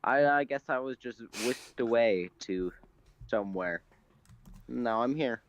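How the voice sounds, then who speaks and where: A man playing in a tabletop game, speaking in a halting, hesitant way. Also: mid-range voice, a little hiss or hum. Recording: dull lo-fi mic.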